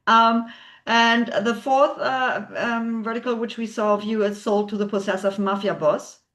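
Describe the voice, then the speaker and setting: A woman's voice: a little high, steady tone, moderate pace, a bit bright. A woman interviewing an actor, talking hesitantly with many filler sounds as she goes. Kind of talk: interview questions.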